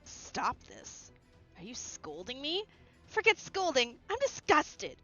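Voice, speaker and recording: A woman's voice: sits high, wildly swooping pitch, slow pace, bright, forceful tone, highs cut off, faint music behind, voice pushed up, exaggerated voice. A woman voicing an earnest, righteous young woman knight who declaims with passion. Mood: impassioned. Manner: impassioned, declaiming.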